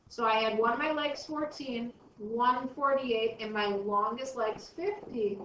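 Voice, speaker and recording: A woman's voice: fairly high pitch, fairly bright tone, far from the mic, slight background noise. A woman math teacher giving a recorded lesson, chatty and thinking aloud as she works through problems. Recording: dull, roomy, from off mic.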